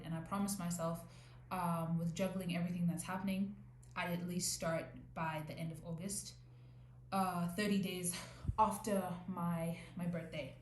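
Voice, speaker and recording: A woman's voice: fairly low pitch, steady tone, normal speed. Rambling young woman podcast host. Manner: rambling, self-correcting, restarts often. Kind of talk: casual solo podcast talk. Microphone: new podcast mic. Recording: echoey room, faint background noise.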